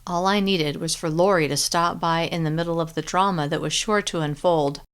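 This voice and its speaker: Woman narrator, audiobook reading, first person, slightly low voice, steady clear delivery. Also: normal speed.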